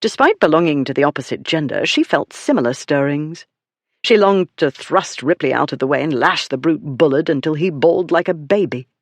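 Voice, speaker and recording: Steady audiobook narrator, dry sound. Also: medium pitch, brisk, no echo. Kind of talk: scripted narration.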